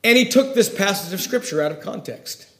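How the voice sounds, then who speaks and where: High-voiced man preaching in an echoey room. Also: animated, a little fast. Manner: folksy, swings from loud emphasis to hushed asides. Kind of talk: sermon.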